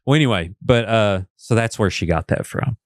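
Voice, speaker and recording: A man with a low, smooth voice chats easily on a dry, close mic. He spins theories and wanders into movie references. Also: normal speed, dry recording. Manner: easygoing, theorizing, slides into movie quotes. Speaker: podcast co-host. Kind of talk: casual true-crime chat.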